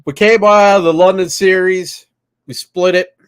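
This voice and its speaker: A man co-hosting a relaxed beer and sports podcast, with a voice a bit higher than most men's. He speaks in an easygoing way, often reaching for fillers like "man" and "you know". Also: a little slow, smooth. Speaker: co-host. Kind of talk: casual podcast chat over beers.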